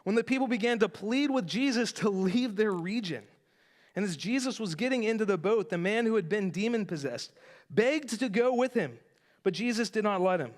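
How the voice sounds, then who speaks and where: A man with a rather high voice preaches in a church in a relaxed, conversational way. He retells a story with animated asides and speaks straight to the congregation. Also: normal speed. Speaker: pastor. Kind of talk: sermon. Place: church sanctuary.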